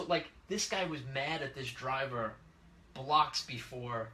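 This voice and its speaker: A man telling a story in casual podcast chat, animated and acting out the people in it. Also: medium pitch, moderate pace, recorded from a distance. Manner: animated, acts out quoted voices. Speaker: podcast host. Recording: echoey room, away from the mic.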